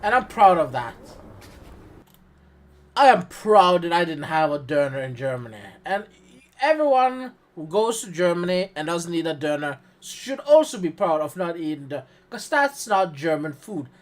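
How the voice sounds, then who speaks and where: A man's voice: on the high side, big pitch swings, normal speed. A man streaming live, reacting to a video with profane, sarcastic, rambling commentary.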